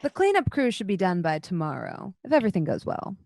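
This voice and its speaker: A woman voicing a sultry, smooth-talking male vampire fixer with a dry, confident politeness. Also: mid-range voice, wildly swooping pitch, fast, a little mellow. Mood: smug.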